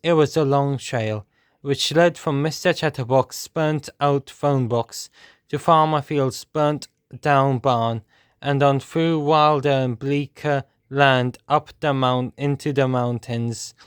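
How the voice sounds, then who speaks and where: A man reading a children's storybook aloud at a steady, measured pace. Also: mid-range voice, clean tone, dry recording, studio quality.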